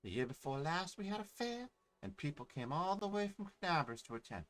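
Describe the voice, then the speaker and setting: A man's voice: a little high, sing-song, fairly quick, a bit bright, poor audio. A man voicing a proud, chatty young village woman who is the brother's sister.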